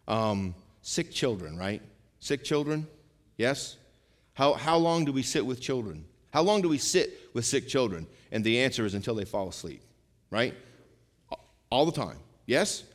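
A middle-aged man preaching to his congregation in a chatty style, full of asides and rhetorical questions, slowing and swelling when he reads scripture. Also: mid-range voice, sing-song. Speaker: pastor. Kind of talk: sermon.

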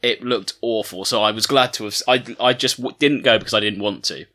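A man with a fairly low voice and a bright, forceful edge. He co-hosts a podcast in easy casual chat, dropping dry quips along the way. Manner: chatty, dry, quick to joke. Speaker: podcast co-host.

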